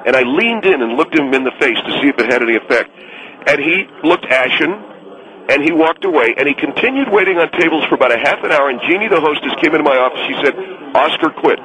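A man's voice: fairly high pitch, expressive, quick pace, sharp tone, low-quality recording. A man playing a pompous, brash older male restaurant owner who boasts and rambles indignantly as a radio call-in guest. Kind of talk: comedic radio call-in character.

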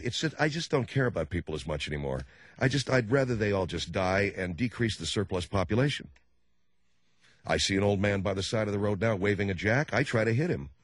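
Brief: middle-aged male host, sardonic monologue, swinging pitch, dry close sound. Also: dry recording. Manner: animated, sardonic, dark humor. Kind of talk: comic storytelling monologue.

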